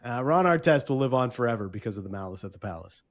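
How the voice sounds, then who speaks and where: A man co-hosting a sports podcast in casual chat, animated and quick to slip into mock voices. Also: medium pitch. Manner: animated, slips into mock voices when quoting others. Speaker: podcast co-host.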